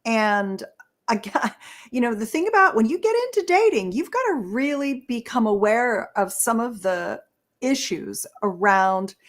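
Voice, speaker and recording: A woman's voice: on the high side, big pitch swings, unhurried. A woman guest on an interview show, a relationship expert who talks enthusiastically in a coaching tone and laughs often. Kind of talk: conversational interview.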